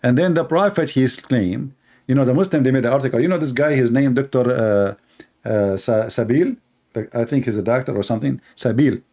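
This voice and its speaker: A man's voice: mid-range voice, fairly quick, mellow. Mocking man in broken English. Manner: mocking, sarcastic; non-native English grammar. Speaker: religious debater. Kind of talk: polemical monologue.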